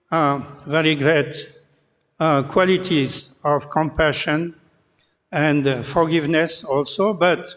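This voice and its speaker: A man giving a scripture class, speaking haltingly with many pauses and filler sounds. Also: high voice, fairly bright tone. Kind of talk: scripture lecture retelling an epic. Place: temple hall. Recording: long hall reverb.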